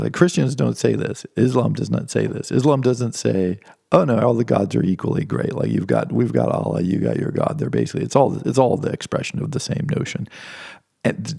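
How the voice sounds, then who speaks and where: A man's voice: on the low side, gravelly, mellow, husky, no echo, studio quality. A middle-aged man giving an informal lecture, rambling with many restarts and playfully acting out imagined speakers.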